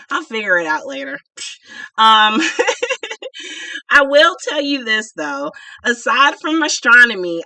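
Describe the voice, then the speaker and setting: A woman chats through a casual livestream Q&A with a bright, sharp tone, full of fillers, restarts and easy laughter. She sits back from her computer microphone, so she sounds a little distant, but the sound stays dry with no room echo. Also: on the high side. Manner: chatty, laughs often, many fillers and restarts. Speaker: livestream host and spiritual shop owner. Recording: voice a bit far from the mic.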